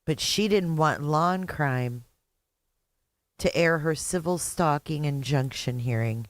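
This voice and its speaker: A woman's voice: low voice, takes it slowly. A middle-aged woman hosting a reaction video, blunt and sarcastic, swearing freely as she comments. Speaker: YouTube host reacting to a clip.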